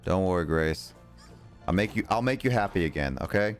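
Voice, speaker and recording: Brisk and expressive, this man's low-sitting voice carries over soft background music. He's a streamer playing a game live, rambling casually to his viewers and reacting as things happen.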